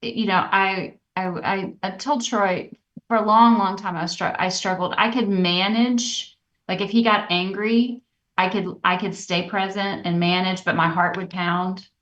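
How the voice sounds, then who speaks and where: A woman co-hosting a podcast, telling personal stories in an earnest, reflective way that turns animated. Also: mid-range voice, unhurried. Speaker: podcast co-host. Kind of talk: candid personal storytelling. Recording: dull, slightly distant podcast audio.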